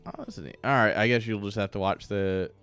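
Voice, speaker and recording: A man's voice: lowish voice, brisk, a bit bright, clean tone, soft background music. A man casting a game stream, chatting casually and teasing with lots of laughs. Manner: joking, teasing, laughs often. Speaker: esports caster.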